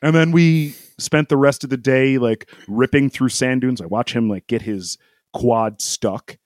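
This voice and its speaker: A man of middle pitch tells a story in a loose, rambling way, full of fillers and small laughs. He slips into the voices of the people he quotes. The sound is dry and close. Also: a little slow, no room sound. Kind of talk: casual storytelling.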